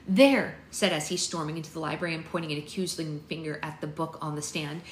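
A woman's voice: low-pitched, little pitch movement, fast talker, a bit bright. A woman hosting a book club, reading a novel aloud with chatty asides to her listeners. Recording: echoey room with faint noise.

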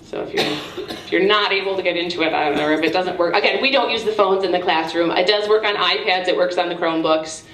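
A woman's voice: on the low side, fast talker, fairly bright tone, a little hiss or hum. A woman casually explaining a math tool to teachers at an event. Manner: chatty, informal. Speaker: presenter. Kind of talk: casual demo talk. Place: museum event room. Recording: echoey room.

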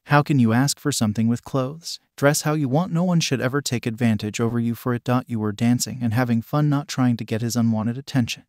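A man voicing a kind, protective young male vigilante in a soft, gravelly, reassuring voice. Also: medium pitch, brisk, few pauses, no room sound, clean studio sound, natural voice.

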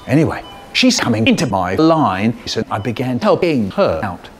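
Lively British man telling a wry story. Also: medium pitch, moderate pace, soft background music. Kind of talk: anecdotal storytelling.

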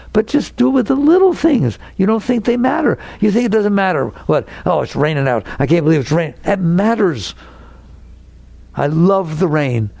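Male spiritual teacher giving an inspirational talk, gravelly and slightly high, swoops around a lot, acts out worried voices. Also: no room sound. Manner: animated, acts out neurotic inner voices.

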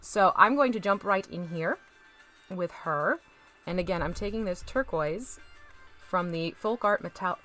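A woman's voice: medium pitch, a bit bright. A woman hosting a casual live stream, chatting while she paints miniatures, upbeat and chatty, greeting viewers by name. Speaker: crafting channel host.

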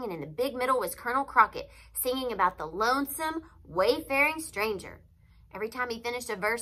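A woman reading a novel aloud to students with expressive storytelling, pointing out figures of speech. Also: medium pitch, poor audio.

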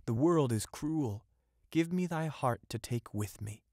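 A man's voice: medium pitch, lively intonation, a little slow, mellow, no echo, studio quality, pitched above the performer's own voice. A man voicing a fearful, cast-out soul who pleads plaintively. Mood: pleading.

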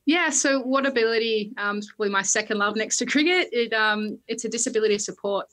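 Bright-voiced young Australian woman. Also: on the high side, rough recording. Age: 20s. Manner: halting, many fillers and restarts. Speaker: guest athlete. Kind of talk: interview, personal recollection.

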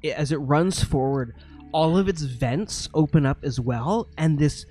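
Man, game master, descriptive narration with sound effects, somewhat high voice. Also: a little slow, dark tone.

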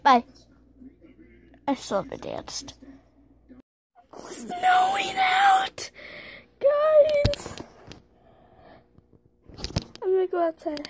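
A young woman from Wisconsin, a vlogger rambling casually and excitably while a bit sick, filming on her phone at home and out on the porch. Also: high-pitched, slight background noise. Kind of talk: casual vlog chat. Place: home, then outdoors on a porch in snow. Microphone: handheld phone.

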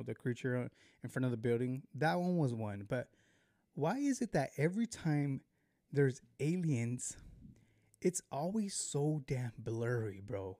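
A man hosting a casual vlog, talking in an animated, slangy way, swearing, chuckling and calling viewers "bro". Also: mid-range voice, dry recording, clean studio sound. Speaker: vlog host.

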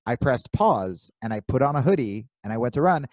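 A man from New Jersey co-hosting a podcast, telling animated stories with plenty of swearing and acting out his own inner voice. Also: mid-range voice, brisk, no echo. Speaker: podcast co-host. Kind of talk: casual chat.

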